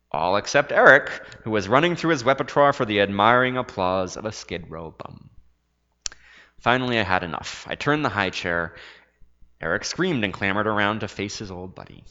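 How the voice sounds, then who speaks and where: Low-voiced man reading a story expressively. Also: in a large hall, muffled recording. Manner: expressive, dramatic readings with soft hushed asides. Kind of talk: reading a first-person story aloud.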